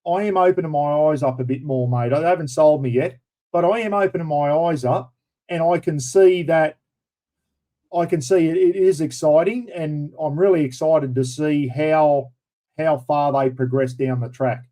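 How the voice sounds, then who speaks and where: A man's voice: a little high, moderate pace, warm tone, low-quality recording. A middle-aged Australian man hosting a casual chat, rambling and blokey, throwing in "mate" and "bloody" all the time. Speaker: livestream host.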